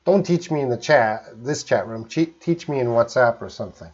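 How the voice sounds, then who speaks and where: A Canadian man teaching English in a live stream, relaxed, explaining slowly with simple examples. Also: medium pitch, lo-fi sound.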